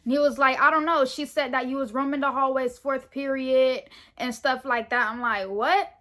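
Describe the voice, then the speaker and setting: Teen girl doing a storytime vlog, high voice, fired up and indignant, acts out the convo. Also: moderate pace. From Florida, US. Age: teens. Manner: animated, indignant retelling with quoted dialogue. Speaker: vlogger telling a story. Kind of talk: casual storytime.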